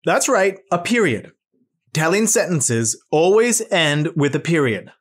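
Lively, encouraging teacher narrating a kids' lesson. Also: medium pitch, unhurried. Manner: clear, encouraging, exaggerated for young children. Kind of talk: scripted children's lesson narration.

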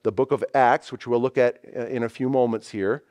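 A man's voice: medium pitch, steady tone, fairly quick, a little mellow. A man preaching a sermon as pastor, reading scripture aloud and stressing key phrases emphatically.

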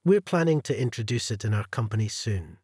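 A man voicing a gracious older male company president who speaks warmly and politely. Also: lowish voice, animated, a little fast, breathy edge, dry recording, studio quality.

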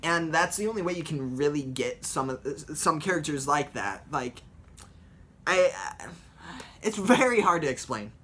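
A man's voice: fairly high pitch, expressive, a little slow, pushed and bright, slight background noise. A young man chatting casually about voice impressions, rambling and explaining with many fillers. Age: young adult. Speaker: vlogger doing voice impressions. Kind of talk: casual chat.

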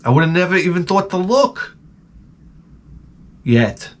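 A man telling rambling comedic stories in a profane, animated way, often slipping into mocking voices. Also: high voice, a little slow. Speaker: retro gaming vlogger.

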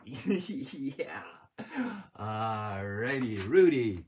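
A man's voice: on the high side, huge pitch swings, slow pace, a bit bright, slightly rough. A man hosting a live children's show, playfully doing magic tricks, gasping and singing for kids.

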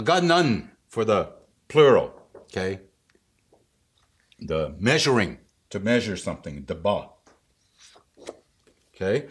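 A man's voice: medium pitch, fairly bright tone, husky. A man giving a casual vocabulary lesson, patient and chuckling often, checking in with the listener after each word. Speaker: language teacher.

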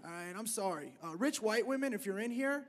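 A man's voice: high voice, animated, fairly quick. A male stand-up comedian on stage, ranting in a brash, profane way. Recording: comedy club stage, loud audience laughter.

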